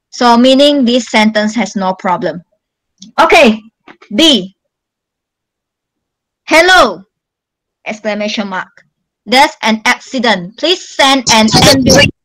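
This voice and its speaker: A woman's voice: on the high side, fairly bright tone, rough recording. A woman, a teacher going patiently through exam questions in an online class, stressing each instruction. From Malaysia. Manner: slow, patient, emphatic instructions to pupils. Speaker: primary school English teacher.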